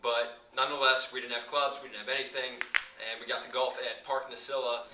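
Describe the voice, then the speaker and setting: A young man student telling a relaxed story about his trip, with dry jokes. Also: medium pitch, brisk, reverberant, far from the mic, noisy background.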